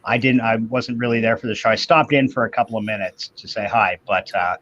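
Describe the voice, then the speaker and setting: A man in his fifties hosting a livestream chat, telling a long profane story in a ranting, animated way. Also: fairly low pitch, brisk. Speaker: livestream host. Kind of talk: casual chat. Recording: slightly muffled stream audio.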